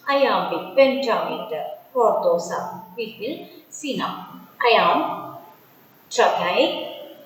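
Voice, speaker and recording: A woman teacher giving an online poetry lecture, slow and deliberate, often repeating and restating her words. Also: a little high, very echoey, big-room sound, poor audio.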